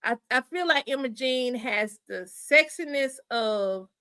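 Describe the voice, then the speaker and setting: A woman hosting a casual livestream chat, animated and thinking aloud, calling her viewers y'all and honey. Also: sits high, measured pace, smooth. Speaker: livestream host.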